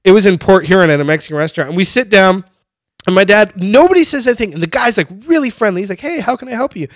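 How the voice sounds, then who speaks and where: A man telling a story in casual chat, animated and laughing often as he mimics his dad. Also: high voice, quick pace, dry recording, studio quality.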